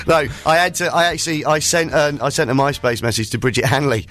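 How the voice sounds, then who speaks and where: A man's voice: on the high side, steady tone, fast talker, over loud music. A man hosting a casual radio show, bantering and laughing with his co-host in a jokey way. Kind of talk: casual chat.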